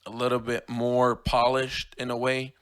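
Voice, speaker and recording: A man hosting his own podcast in casual solo chat, his voice hoarse from losing it, rambling and correcting himself as he talks. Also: mid-range voice, monotone, a little slow, a bit bright. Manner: rambling, self-correcting, fan talk. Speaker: podcast host.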